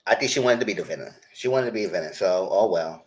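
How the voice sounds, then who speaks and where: Male reality-TV commentator, lively sassy delivery with big pitch swings, casual live chat. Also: fast talker. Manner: animated, sassy, frequent squealing jumps in pitch when mimicking. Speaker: commentator reviewing a reality show.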